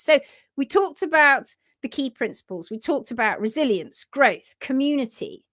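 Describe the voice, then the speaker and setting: A British woman with a high voice hosts a live stream for horse owners, speaking earnestly and reading viewer comments aloud. She's animated, dropping into sudden whispers and laughs, in clean, echo-free studio sound.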